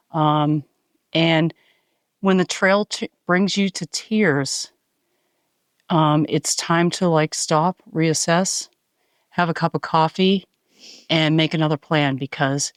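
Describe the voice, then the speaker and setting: A woman speaking calmly and encouragingly as a hiking companion on a mountain summit, recorded on a handheld phone. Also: low voice, smooth, no echo, studio quality. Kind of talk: casual trail vlog.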